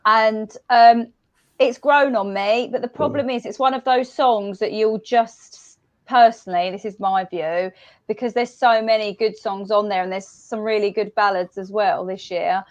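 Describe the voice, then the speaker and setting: A woman's voice: mid-range voice, fairly even intonation, a little slow, dull audio. A woman chatting as a panelist, hesitant and hedging her views. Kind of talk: casual panel discussion.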